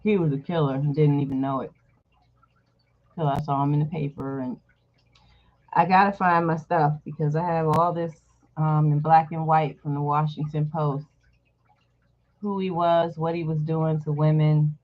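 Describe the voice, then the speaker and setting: A woman's voice: deep voice, fairly even intonation, moderate pace, pauses often. A woman host casually telling a personal story to her viewers, candid and blunt, swearing freely. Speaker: channel host. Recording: dull lo-fi recording.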